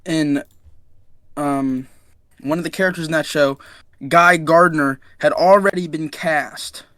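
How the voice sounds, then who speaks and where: A young man co-hosting a casual podcast. His voice sits a bit high, and the recording is dry with almost no room sound. He reads out news items in a faintly newscaster way and keeps tripping over names. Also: steady tone, a little slow, a bit bright, no echo. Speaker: podcast co-host. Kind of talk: casual chat.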